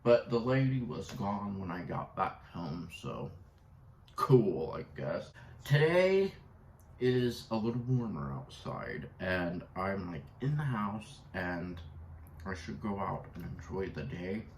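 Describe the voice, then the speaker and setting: Slow-talking low-voiced man chatting. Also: very animated, slight background noise, low-quality recording. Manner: rambling, chatty, with many fillers. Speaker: vlogger. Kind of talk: casual storytime chat to camera.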